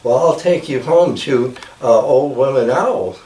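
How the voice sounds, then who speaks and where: A man's voice: mid-range voice, measured pace, mellow, lightly acted. A man voicing an easygoing old owl hunter in a storytelling recording with a roomy sound from a distance.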